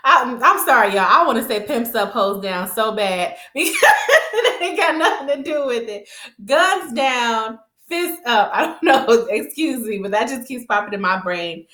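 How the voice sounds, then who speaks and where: A woman casually recapping a TV episode, chatty and rambling, with frequent laughs and animated retelling. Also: fairly high pitch, normal speed, hardly any pauses, reverberant.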